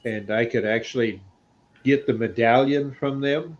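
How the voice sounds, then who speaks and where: A man chatting casually about his woodturning work on a video call, talking slowly and hesitantly with many pauses. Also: mid-range voice. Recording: dull lo-fi sound with clear background noise.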